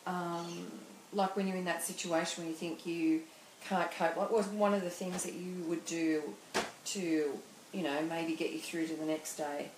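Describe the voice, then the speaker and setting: Woman interviewer, gentle and probing, echoey room. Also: lowish voice, fairly even intonation, normal speed. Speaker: host. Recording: roomy studio with faint hiss.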